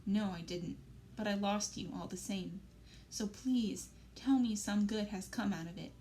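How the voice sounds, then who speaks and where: A worn, tender mother from a storybook, read by a woman in a soft, gentle, pleading voice. Her pitch sits in an ordinary middle range, and a faint hum of room noise lies underneath. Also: unhurried, lightly acted. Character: worn, tender working-class mother of a grown daughter. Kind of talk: read-aloud storybook dialogue.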